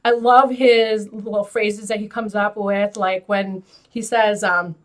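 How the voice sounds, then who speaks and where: A woman hosting a beauty vlog, chatting to camera in an animated, filler-heavy way and laughing often. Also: mid-range voice, slow pace. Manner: loose filler-heavy talk with frequent "like". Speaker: beauty YouTuber host. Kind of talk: casual chat to camera.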